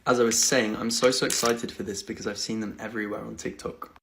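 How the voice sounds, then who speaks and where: A man talking in a casual, excitable vlog style, filming himself on a phone at home and out at a farm. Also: quick pace, vocal fry, background noise. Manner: chatty and excitable, coos high at animals. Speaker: vlogger.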